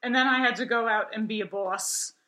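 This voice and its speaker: A woman co-hosting a casual chat, talking in a relaxed, rambling way. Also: a little high, fairly quick.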